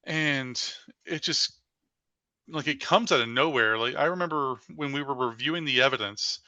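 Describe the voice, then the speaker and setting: A man's voice: mid-range voice, normal speed, dry recording, lo-fi sound. A man, a paranormal investigator, telling stories as a guest in a casual podcast interview, filling his speech with "like". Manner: animated storyteller with frequent "like" fillers.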